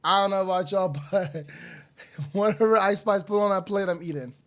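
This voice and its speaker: A man's voice: sits high, normal speed. Hyped young male streamer reacting. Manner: hyped, slangy, loud outbursts and laughter. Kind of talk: live music reaction stream.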